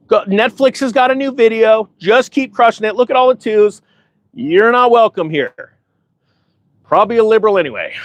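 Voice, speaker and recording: A man's voice: high-pitched, no echo. A man in his forties hosting a casual, emphatic motivational monologue, repeating his points and telling stories in quoted voices. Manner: animated storytelling with quoted voices. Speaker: host.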